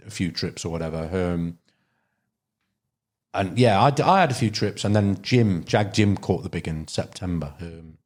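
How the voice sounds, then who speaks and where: A man from Derbyshire, a podcast guest telling long fishing stories in casual chat, full of restarts and fillers. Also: on the low side. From Derbyshire, England. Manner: rambling storytelling with many restarts and fillers. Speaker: podcast guest, carp angler.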